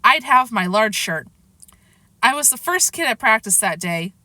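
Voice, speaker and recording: A woman reads a children's novel aloud with lively, expressive narration. Her voice is bright and sits a little high. The recording is close and dry. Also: normal speed, no echo. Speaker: reader. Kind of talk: storybook narration.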